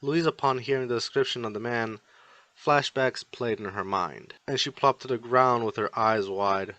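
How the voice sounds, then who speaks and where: A man's voice: mid-range voice, moderate pace, pushed and bright, no echo. A man narrating a fan fiction story in plain storytelling, tagging each line with "he would say." His voice sits in a middle register. The recording is dry and close. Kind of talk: reading a fan story aloud.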